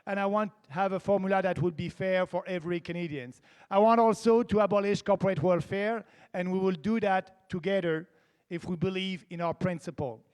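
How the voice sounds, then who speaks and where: A man's voice: high voice, steady tone, brisk, a little mellow, clear, resonant tone, long reverb tail. A man with a Québécois French accent giving an earnest, emphatic opening statement at a debate. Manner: earnest, emphatic, repeats key phrases. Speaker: political candidate. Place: large theatre stage.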